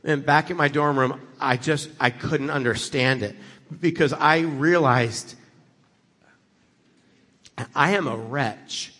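A man's voice: mid-range voice, takes it slowly, pauses often, pushed and bright, big-room sound. A middle-aged man preaching as a guest speaker, conversational and building to emphatic passages. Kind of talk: sermon.

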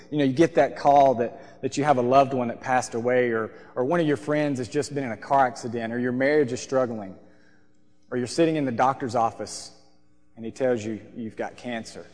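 A man, preaching a sermon from a church stage and telling a lively story. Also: mid-range voice. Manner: storytelling, animated, acts out voices. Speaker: pastor. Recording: long hall reverb.

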